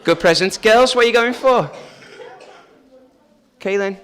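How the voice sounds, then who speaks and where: A man's voice: high voice, a little slow. A man leading a family church service, talking in a chatty, joking way and asking the children questions. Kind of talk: informal family service talk.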